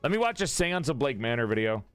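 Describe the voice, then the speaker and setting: Man, live streamer, casual chat, animated pitch, dry close sound, repeats lines to drill an accent. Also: fast, clean tone, dry recording, soft background music. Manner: chatty, laughing, swearing, greeting chat between takes; drills one line over and over to practice an accent.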